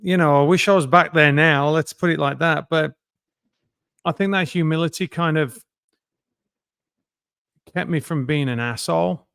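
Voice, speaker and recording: A man's voice: a little high, normal speed, vocal fry, pauses often, a bit bright, clean tone, dry recording, clean studio sound. A man in his fifties with an English Midlands accent, a guest talking candidly and self-deprecatingly in a casual interview. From England, near Birmingham. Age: 50s. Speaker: guest, actor.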